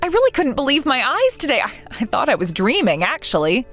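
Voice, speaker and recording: A synthetic woman voicing a hurt young woman, bright and lively. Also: high voice, a little fast, faint music behind, heavily acted. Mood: shocked. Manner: earnest, questioning. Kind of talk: text-message story narration.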